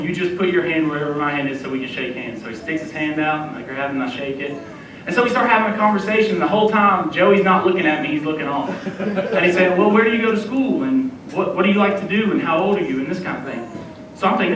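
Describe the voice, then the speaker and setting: A young man in his twenties, a youth minister from Dallas, telling a lively, self-deprecating story to a youth group. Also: high voice, brisk. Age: 20s. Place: church hall. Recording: echoey room from far off, noisy.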